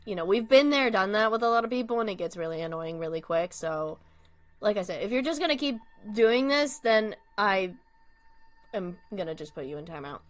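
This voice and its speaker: A non-binary streamer casually commenting on a horror game, chatty and quick to laugh, firm but gentle when speaking to viewers. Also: mid-range voice, lively intonation. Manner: chatty, reads game text aloud, laughs often.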